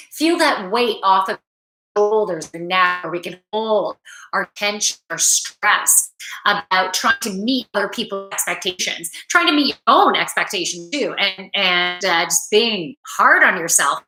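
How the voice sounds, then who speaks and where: A woman's voice: mid-range voice, pushed and bright, reverberant, rough recording. A woman doing a casual spiritual card reading, chatty and rambling, tired from little sleep and laughing at herself. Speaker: tarot card reader.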